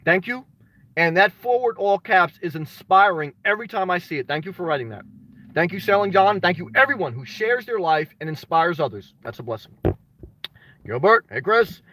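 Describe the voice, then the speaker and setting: A man chatting casually on a livestream, greeting viewers by name and rambling through anecdotes with sudden animated shouts. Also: high-pitched, fairly quick, a little hiss or hum. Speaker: vlogger reading live chat.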